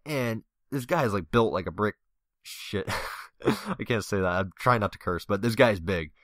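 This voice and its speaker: Young guy doing game commentary, tells a story, lots of laughing and voice imitations, low-ish bright voice, dry close sound. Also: normal speed, no room sound. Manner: animated, laughing, mimics voices in anecdotes. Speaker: gameplay commentator.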